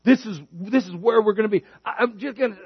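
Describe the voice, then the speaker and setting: A man preaches a sermon, telling homespun stories and building to emphatic points. His voice sits high for a man. The sound is dry and a little dull. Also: fast, breathy edge, dry recording. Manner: folksy storytelling preacher, rises in pitch for emphasis. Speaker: pastor.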